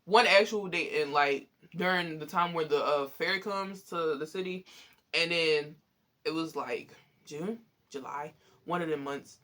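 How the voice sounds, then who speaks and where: A young man telling a story in a casual, animated, profane way, exasperated and often laughing. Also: a little high, measured pace. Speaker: vlogger.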